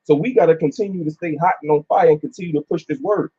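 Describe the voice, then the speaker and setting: A man's voice: on the high side, fast, slightly rough. A man teaching scripture in casual talk among a few men, filling his speech with "uh" and "man". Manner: preachy, filler-heavy, repeats "man". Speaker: group teacher. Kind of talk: casual religious discussion. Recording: dull lo-fi recording.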